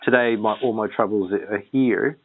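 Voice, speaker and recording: A man's voice: lowish voice, steady tone, normal speed. Rambling man on a tinny line. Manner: rambling, hesitant, full of ums. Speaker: podcast co-host. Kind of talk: casual comedy chat. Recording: tinny phone-like line with faint noise.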